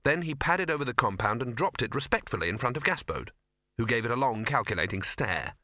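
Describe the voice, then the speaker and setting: A male audiobook narrator with a bright, forceful tone and wry, measured delivery. The recording is close and dead dry, with no room around him. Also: mid-range voice, expressive, no room sound. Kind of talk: scripted narration.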